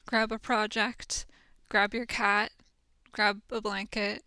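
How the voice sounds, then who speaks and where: Bright, gravelly-voiced young woman vlogging. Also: mid-range voice. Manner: chatty, giggly, lots of "like" fillers; drops to a soft whisper when emotional. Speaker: fiber artist vlogger. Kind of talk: casual vlog chat.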